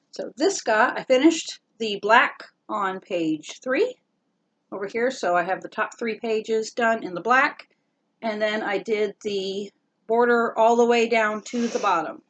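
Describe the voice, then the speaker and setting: A woman's voice: medium pitch, slight background noise. A woman co-hosting a casual show-and-tell chat, easygoing and rambling with plenty of fillers. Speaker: co-host.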